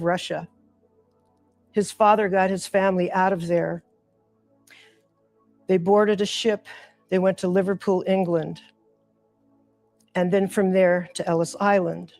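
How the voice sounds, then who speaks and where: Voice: medium pitch, a little mellow, no room sound. Earnest speaker telling family stories. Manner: earnest, emotional, personal storytelling. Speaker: guest speaker. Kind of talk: patriotic address to camera.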